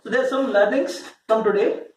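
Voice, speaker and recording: A man's voice: sits high, brisk. A man with an Indian accent telling a story to his team in a conversational, motivational session. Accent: Indian English. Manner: conversational, checks in with listeners. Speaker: motivational speaker. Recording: roomy sound from far off, faint hum.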